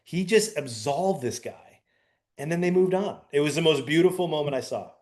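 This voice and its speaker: A middle-aged man co-hosting a casual chat, telling a long story in an animated, rambling way with many fillers. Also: a little high, normal speed. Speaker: podcast co-host.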